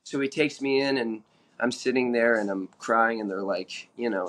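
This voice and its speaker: A man's voice: mid-range voice, flat delivery, a bit bright. Earnest man recounting his recovery. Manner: earnest, halting storytelling full of fillers. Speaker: podcast guest. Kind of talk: telling his recovery story.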